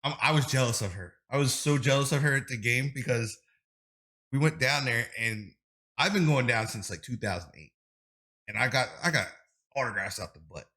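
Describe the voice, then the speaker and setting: A man's voice: mid-range voice, normal speed. A man in his thirties, a streamer guest on a podcast, telling long, rambling stories in casual chat with lots of fillers. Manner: rambling, animated storytelling with many fillers.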